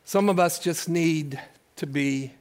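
A man's voice: fairly high pitch, slow pace. A pastor in his sixties preaching a sermon, moving between folksy storytelling and fervent appeals, with call-outs to the congregation. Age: 60s. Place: church service.

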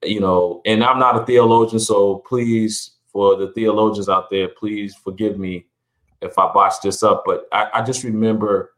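A man's voice: fairly low pitch, fairly even intonation, normal speed, fairly bright tone. A middle-aged man speaking earnestly as a podcast guest, often repeating and restarting words, his voice rising when he stresses a point. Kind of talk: reflective conversational interview.

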